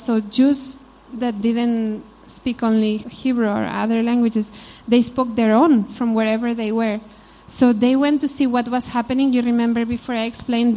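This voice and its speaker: Spanish-accented woman preacher, warm and fairly high, casual storytelling sermon. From Spain. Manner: informal, frequent "you know", storytelling asides. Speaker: Bible teacher. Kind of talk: conversational sermon.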